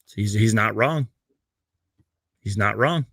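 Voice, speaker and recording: A man's voice: fairly low pitch, takes it slowly, vocal fry, fairly bright tone, breathy edge, no echo. A man hosting a casual live-stream chat about basketball, talking in a laid-back, chatty way and laughing often. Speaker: basketball show host.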